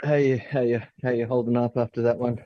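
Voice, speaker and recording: A man's voice: mid-range voice, level tone, brisk, no echo. A man joking around in a casual group chat on a stream. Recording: dull lo-fi mic.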